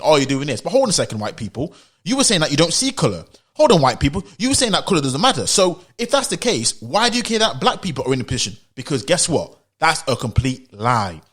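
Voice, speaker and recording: Emphatic man with a lively, higher voice. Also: slightly rough. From United Kingdom. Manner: emphatic, with frequent rhetorical questions; repetitive, insistent. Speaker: opinion vlogger. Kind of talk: opinion commentary monologue.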